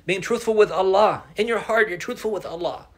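Male teacher, slightly high voice, classroom lesson style, repeats key points and quizzes students. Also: fairly quick. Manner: mixes Arabic phrases into English. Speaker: Islamic teacher.

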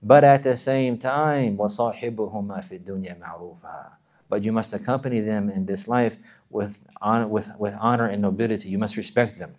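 A man giving an earnest sermon, often repeating and restarting phrases and chanting short verses quickly. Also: lowish voice, steady tone, darkish tone. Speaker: Islamic preacher.

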